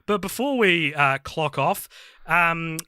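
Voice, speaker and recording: Bright-voiced joking male podcast host. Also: on the high side, animated, slow pace, clean tone, no echo. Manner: joking, ironic. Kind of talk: casual podcast chat.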